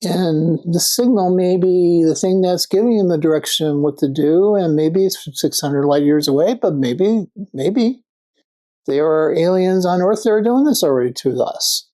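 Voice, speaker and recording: Low-voiced woman recapping a TV episode. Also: moderate pace, warm tone. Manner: rambling, speculative, with fillers and restarts. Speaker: TV show reviewer. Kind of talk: casual episode recap and review.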